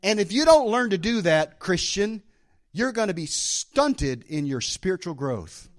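A man's voice: high voice, big pitch swings, unhurried. A man preaching a sermon as pastor to a church congregation, emphatic, dropping in amens and calls of praise.

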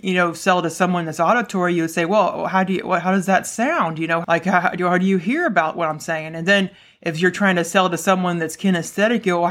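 A woman hosting her own podcast, talking fast in a solo monologue, with a slight stutter and frequent restarts. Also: lowish voice, a bit bright. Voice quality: stutters at times. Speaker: podcast host.

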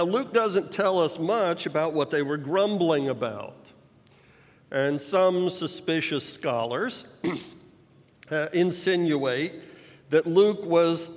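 A man preaching a sermon, explaining scripture in a measured way with rhetorical emphasis. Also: fairly high pitch. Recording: long reverb of a large hall.

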